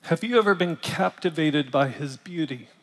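Hurting middle-aged pastor man preaching, kinda high voice, coughs a lot, big echoey hall. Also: expressive, moderate pace. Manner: emphatic, rising to loud bursts, coughing and clearing throat between phrases. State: in pain, voice strained. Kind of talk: sermon. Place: large church auditorium. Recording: large hall reverb.

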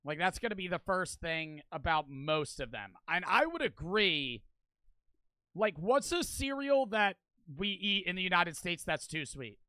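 A man's voice: sits high, big pitch swings, measured pace, sharp tone, dry recording. A young man streaming, reacting in loose, profane, rambling casual commentary.

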